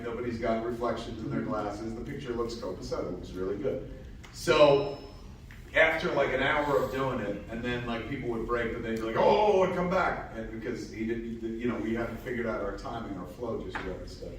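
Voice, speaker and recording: A man's voice: mid-range voice, brisk. A man telling rambling, profane stories on a convention stage in front of a live audience. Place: large convention hall with an audience. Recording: echoey hall, distant mic, loud noise.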